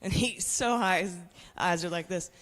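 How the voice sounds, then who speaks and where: A woman's voice: lowish voice, moderate pace, a bit bright, in a large hall. A woman in her forties performing a stand-up comedy set, brash and conspiratorial, talking straight to the crowd on a club stage with a handheld mic. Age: 40s.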